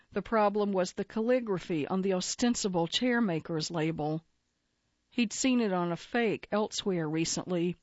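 A woman narrates a long magazine feature in a steady, measured read. Her voice sits at an ordinary middle pitch. The recording is dry and close, with a slightly dull, muffled top end. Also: no echo.

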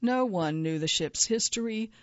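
A woman reading her own first-person nonfiction essay aloud in a measured, earnest way, at times quietly angry. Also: mid-range voice, animated, no echo, muffled recording.

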